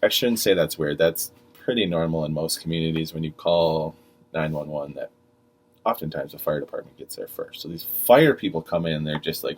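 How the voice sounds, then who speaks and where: Very low-voiced profane man telling a story. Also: a little fast, husky. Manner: profane, exasperated, acts out quotes. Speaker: podcast storyteller, retail manager. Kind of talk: casual storytelling.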